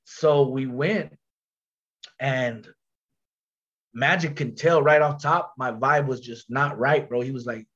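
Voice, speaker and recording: A man telling a story on a podcast in a casual, animated way, full of slang, repeats and restarts. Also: medium pitch, slow pace, pauses often, breathy edge, muffled recording.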